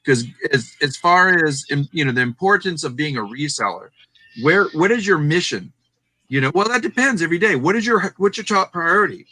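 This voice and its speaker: A man's voice: fairly high pitch, animated, fairly quick, sharp tone, no echo. A man chatting earnestly on a live stream, rambling with many fillers. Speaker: guest reseller. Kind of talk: casual live-stream chat.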